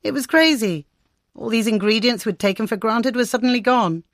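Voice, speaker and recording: A woman correspondent narrating a scripted radio report in a measured, descriptive way. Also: on the high side, dry recording, clean studio sound. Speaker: foreign correspondent.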